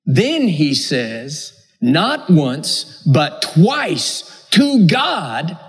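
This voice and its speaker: A male preacher with a high, animated voice delivers a sermon in an emphatic, repeating cadence. His pitch leaps up and down. The words ring out with a long hall reverb. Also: drawn-out words, breathy edge. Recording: echoey hall.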